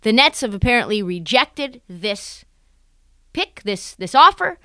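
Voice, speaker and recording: A woman's voice: a little high, sing-song, a little slow, sharp tone, no echo. A young adult woman hosting a casual basketball podcast, telling a story with animation and acting out other people's voices. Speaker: podcast host.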